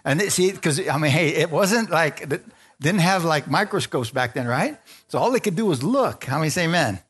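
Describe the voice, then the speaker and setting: Animated preacher man calling for amens. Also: moderate pace, slightly rough. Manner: animated, asks the congregation for amens; laughs often, acts out quotes in a higher voice. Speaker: pastor. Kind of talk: sermon.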